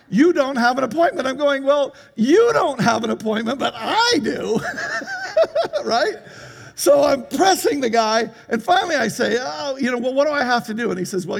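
An older man preaching a sermon to his congregation, telling a story in an animated way and laughing as he goes. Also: sits high, gravelly, breathy edge. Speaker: pastor. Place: church hall.

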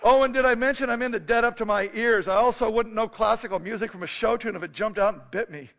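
Man doing a booming, teasing guy. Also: quick pace, a bit bright. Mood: boisterous teasing. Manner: booming and mocking. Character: loud, teasing man in a crowded room.

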